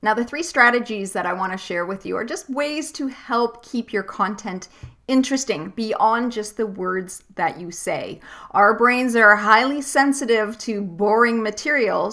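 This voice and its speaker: A woman coach giving tips straight to camera in a clear, upbeat, teacherly way, slowing down and getting louder or quieter for emphasis. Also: a little high. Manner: clear, upbeat, teacherly delivery that varies pace and loudness for emphasis. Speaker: online course coach. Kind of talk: direct-to-camera tips video.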